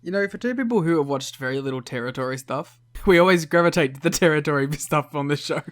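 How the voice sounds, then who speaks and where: A man's voice: fairly high pitch, quick pace. A man co-hosting a podcast in casual chat, joking, swearing and laughing often. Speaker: podcast co-host.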